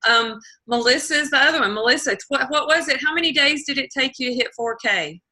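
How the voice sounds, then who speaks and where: A woman's voice: high-pitched, quick pace, pushed and bright, low-quality recording. A woman hosting a motivational team call over video, encouraging and repeating her points. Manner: encouraging, repeats herself, quotes others.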